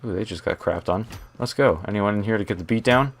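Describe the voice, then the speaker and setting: Low-voiced young man telling a story while gaming. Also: quick pace. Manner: rambling, animated, breaks off to react to the game. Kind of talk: story time over gameplay commentary.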